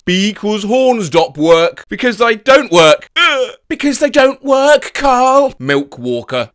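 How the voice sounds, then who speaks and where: A man reads odd online posts aloud for laughs, his pitch leaping all over the place. His voice is high and bright, recorded close and dry. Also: dry recording. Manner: animated, jokey, slips into silly voices. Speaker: comedy video host. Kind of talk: comedic commentary reading posts aloud.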